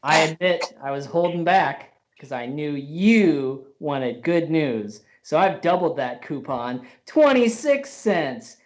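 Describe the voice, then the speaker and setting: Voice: medium pitch, lively intonation, slow, few pauses. A performer playing a cheery, pushy good news kitty in an improv comedy sketch, with a bouncy, sing-song delivery. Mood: chipper.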